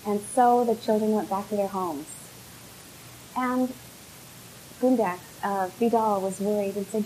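A woman telling a folk tale with gentle, unhurried narration and small restarts. Her voice sits mid-range over a faint hiss. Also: medium pitch, poor audio. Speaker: storyteller. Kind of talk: live folk tale storytelling, then answering questions.

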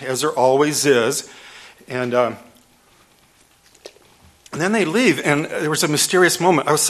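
A man in his sixties from Detroit, an author telling a story at a public book talk, lively, laughing often, restarting his phrases. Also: mid-range voice. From Detroit, USA.

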